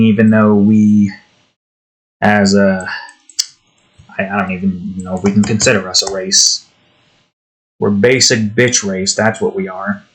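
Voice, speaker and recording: A man's voice: fairly low pitch, a bit bright, poor audio. A tired young man from New Jersey, rambling and ranting casually while he draws. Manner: meandering, frustrated rant with frequent restarts. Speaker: art streamer.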